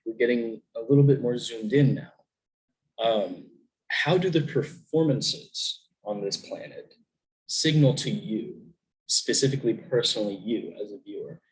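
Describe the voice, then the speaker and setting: A man's voice: medium pitch, measured pace, rough recording. A young man giving a recorded virtual lesson in a casual way, with lots of ums, restarts and questions to the class. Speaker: student teacher.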